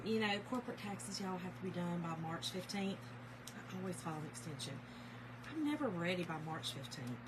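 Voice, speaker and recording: A woman's voice: mid-range voice, bright, forceful tone, slight background noise, poor audio. A middle-aged woman chatting animatedly with viewers on a live stream, laughing often. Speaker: small business owner hosting a live stream. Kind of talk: casual live-stream chat.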